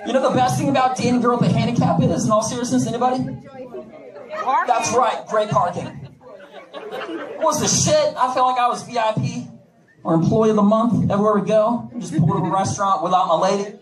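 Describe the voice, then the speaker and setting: A man's voice: very high voice, a little fast. A man doing a stand-up comedy set with a brash manner, joking with the crowd. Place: comedy club stage. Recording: echoey club, distant mic, audience noise. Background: audience laughing.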